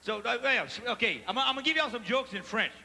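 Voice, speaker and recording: A stand-up comedian with a Cajun accent speaks at an extremely high pitch, a little fast, with lively intonation and a creaky, pushed, bright quality. He tells folksy, chatty stories live in a theater and teases the audience, amid long hall reverb, faint noise and laughter.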